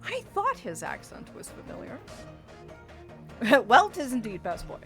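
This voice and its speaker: A woman's voice: a little high, huge pitch swings, moderate pace, over music. A woman streaming a game, chatting casually and theorizing in a playfully dramatic way.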